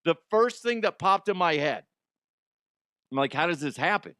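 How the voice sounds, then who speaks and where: Middle-aged male host for comedy news riffs, animated, crude and jokey, slightly raised pitch, dry close mic. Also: moderate pace, smooth, dry recording. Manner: animated, jokey, swears freely.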